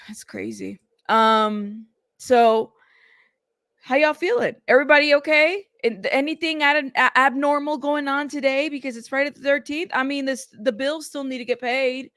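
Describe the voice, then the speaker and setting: Woman livestream host, gravelly, higher pitch, dry close sound. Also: unhurried, no echo. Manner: greets chatters warmly by name, chatty. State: out of breath. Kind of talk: casual livestream chat.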